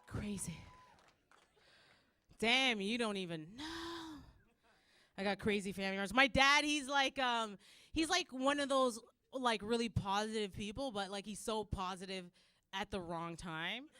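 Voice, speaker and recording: A woman performing a stand-up comedy set, rambling and animated, with lots of "like". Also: mid-range voice, no room sound. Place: comedy club stage.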